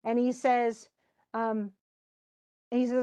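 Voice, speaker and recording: Animated woman chatting about a book. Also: on the high side, unhurried, pauses often, clean tone. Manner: animated, conversational. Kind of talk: casual book discussion.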